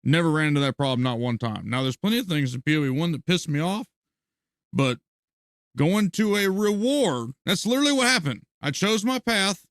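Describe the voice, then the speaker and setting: A man's voice: on the high side, expressive, brisk, fairly bright tone, no room sound, studio quality. A man streaming a video game, ranting with heavy profanity and bursts of laughter as he comments live.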